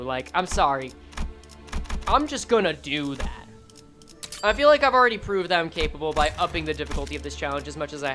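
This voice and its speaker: A woman game streamer gives animated running commentary. Her pitch swings widely and she swears casually. Faint game music plays under her voice. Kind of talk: gameplay commentary and reading aloud.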